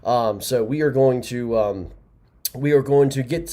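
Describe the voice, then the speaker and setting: A man's voice: mid-range voice, a little slow, warm tone. A man hosting a live results stream, rambling with many fillers and restarts, laughing often. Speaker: tournament host.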